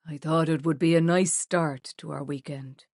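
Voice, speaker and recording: A gentle middle-aged man, as a woman narrator puts him on, speaking softly in a lowered voice. He sounds considerate and calm in this romance audiobook, recorded close and dry. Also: moderate pace, dry recording. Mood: tender. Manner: soft, lowered voice.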